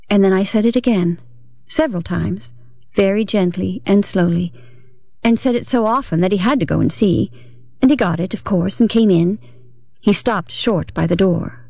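A woman's voice: medium pitch, moderate pace, gravelly, dark tone, dry recording, clean studio sound. A woman reading a first-person story aloud, in a dramatic, unsettled manner with a shifting tempo. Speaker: reader.

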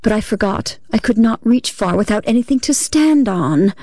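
A woman's voice: on the high side, no room sound. Woman reading a first-person story aloud. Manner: measured, expressive reading. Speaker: reader. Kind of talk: literary first-person audiobook narration.

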